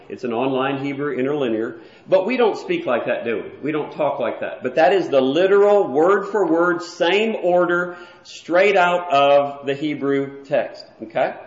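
Guy preaching a lesson, kinda high voice, echoey church room, muffled old recording. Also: darkish tone. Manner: plain, explanatory, walks through a chart. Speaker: preacher teaching a Bible class. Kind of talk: explanatory sermon lesson.

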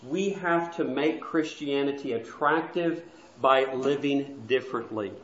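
A man preaches to his congregation, telling a story with earnest conviction and slipping into hushed asides now and then. His voice sits at an ordinary middle pitch. The church recording sounds dull and roomy. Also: measured pace. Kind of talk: sermon. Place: church sanctuary.

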